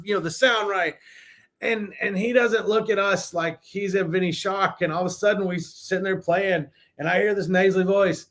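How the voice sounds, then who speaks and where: Animated storytelling man, slightly high voice. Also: normal speed. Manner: storytelling, animated, with frequent restarts. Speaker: guest. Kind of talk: casual interview chat.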